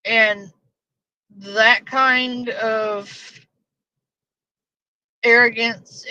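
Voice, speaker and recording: A woman's voice: medium pitch, pushed and bright, no room sound. A woman hosting a casual live stream, rambling and joking with plenty of swearing. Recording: dull lo-fi stream audio.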